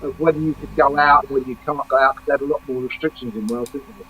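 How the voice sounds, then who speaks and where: A man's voice: mid-range voice, fairly even intonation, very fast, fairly bright tone, a little hiss or hum, rough recording. A man from England co-hosting a casual live chat, asking questions and passing on news. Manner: chatty, asks questions, tells news. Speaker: co-host.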